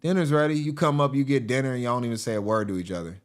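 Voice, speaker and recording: A man hosting a show, giving casual, joking commentary over video clips in an animated way and often laughing. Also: medium pitch, rapid-fire. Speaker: host.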